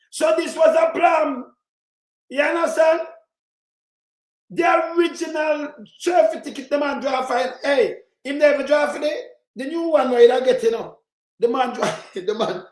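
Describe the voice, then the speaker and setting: Jamaican male commentator, excitable and mocking, high-pitched, recorded in an echoey room. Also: unhurried, pauses often. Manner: excitable, mocking, often shouting. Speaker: political commentator. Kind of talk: animated political commentary.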